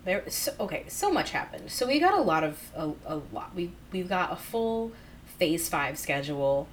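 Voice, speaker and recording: A woman co-hosting a podcast in casual chat, telling stories excitedly, with bursts of squealing. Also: fairly low pitch, moderate pace, slight background noise. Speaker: podcast co-host.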